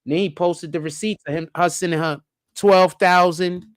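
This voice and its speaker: A live-stream host giving casual, profane commentary, piling up rhetorical questions and swinging between low mutters and excited high stretches. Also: normal speed, no echo, clean studio sound. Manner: rhetorical, keeps asking questions, profane slang.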